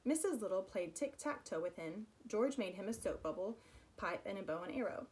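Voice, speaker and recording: A woman reading a children's book aloud in an expressive storytelling manner. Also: mid-range voice, moderate pace. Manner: expressive storytelling, personal asides. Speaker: reader.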